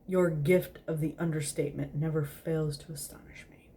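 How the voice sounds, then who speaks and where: Sardonic male snake demon, hushed and half-whispered, low and slow as a woman reads him out. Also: close to an everyday voice.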